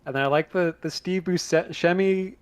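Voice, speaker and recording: A man's voice: fairly high pitch, normal speed, clean tone. A man co-hosting a podcast in casual chat, rambling with plenty of fillers. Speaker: podcast co-host.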